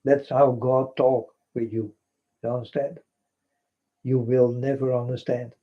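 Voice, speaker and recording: Speaking in broken English, a Dutch-accented man, Dutch by birth, rambles through a spiritual vlog monologue, repeating himself and calling out to his folks. His voice sits at medium pitch with a flat, slightly slow delivery. The vlog has a dull, lo-fi sound.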